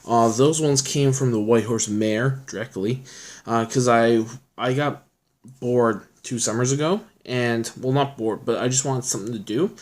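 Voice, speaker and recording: Casual vlogger, young adult male, mid-pitched, loose and rambling delivery. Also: normal speed, a little mellow. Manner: rambling, filler-heavy, chatty storytelling. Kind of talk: casual chat showing his collection.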